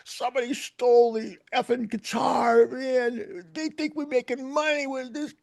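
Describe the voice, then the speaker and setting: A man doing a frantic young rock drummer, yelling and ranting in outrage, his voice pushed far higher than usual. The delivery is loud and wild, with a gravelly crackle underneath. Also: flat delivery, a little slow, full character voice. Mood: outraged. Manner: shouting, outraged rant.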